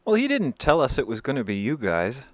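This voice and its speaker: A man's voice: mid-range voice, wildly swooping pitch, brisk, dry recording, voice pushed up. A man voicing a sheepish warrior who defends siding with a foreign officer. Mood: defensive.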